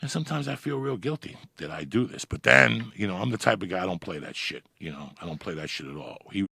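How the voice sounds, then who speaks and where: A middle-aged man with a gravelly, crackling voice spins raucous, foul-mouthed stories into a podcast mic. His pitch leaps all over the place, and he breaks into laughter as he tells them. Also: animated, fast talker, dry recording, clean studio sound. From New Jersey. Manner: loud, profane, laughs through his stories. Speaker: podcast guest. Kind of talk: storytelling on a podcast.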